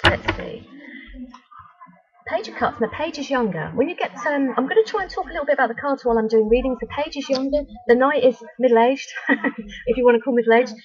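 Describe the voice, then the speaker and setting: A woman's voice: high-pitched, a little fast, slightly rough. A woman psychic chatting on a live web stream, reading viewers' messages aloud and giving tarot readings with frequent ums. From United Kingdom. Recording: dull lo-fi web stream audio.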